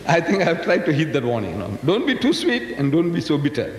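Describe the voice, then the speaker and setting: A South African public speaker in his sixties lectures a live audience in a large hall, his booming, carrying voice running through a PA microphone. He talks fast with wildly swooping pitch, teasing the crowd and firing questions at them. The recording is echoey with faint background noise.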